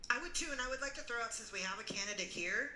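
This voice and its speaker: A woman with a bright, forceful voice argues her point with firm emphasis. The sound is roomy, with faint background noise from a video call. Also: a little high, racing. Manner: earnest, emphatic, makes her point firmly. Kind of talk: casual political discussion.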